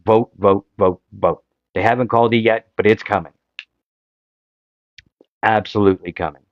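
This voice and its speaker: A man's voice: on the low side, steady tone, normal speed, dry recording, highs cut off. A Canadian man hosting a podcast, giving casual political commentary in an impassioned, frustrated way, full of rhetorical questions. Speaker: podcast host.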